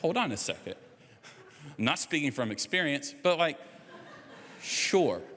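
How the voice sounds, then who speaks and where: A man preaching in a loose, joking, conversational way, adding playful asides. His voice sits a bit high. Long reverb from a church hall trails each phrase. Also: expressive, normal speed, pushed and bright. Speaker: pastor. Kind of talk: sermon with storytelling and humor.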